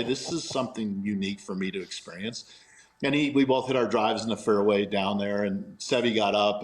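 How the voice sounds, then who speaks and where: A man telling a long anecdote in a lively way, laughing as he goes. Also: fairly low pitch, low-quality recording. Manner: animated storyteller, laughs often. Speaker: guest golfer in a played clip.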